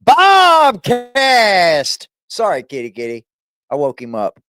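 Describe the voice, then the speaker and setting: A man hosting a reaction channel, talking casually and crudely with teasing asides and loud whoops. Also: mid-range voice, animated, normal speed.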